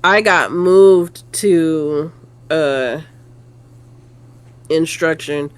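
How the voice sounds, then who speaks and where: A woman co-hosting a casual review podcast, thinking things through aloud in an unhurried way. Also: low-pitched. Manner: unhurried, thoughtful, trails off while recalling. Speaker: podcast co-host. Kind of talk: casual chat.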